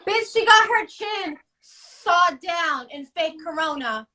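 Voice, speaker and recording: A woman's voice: very high voice, expressive, sharp tone. A woman as a podcast guest, speaking bluntly and profanely, checking dates and details as she talks. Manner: blunt, profane, quick to cite dates and receipts. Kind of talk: casual gossip chat.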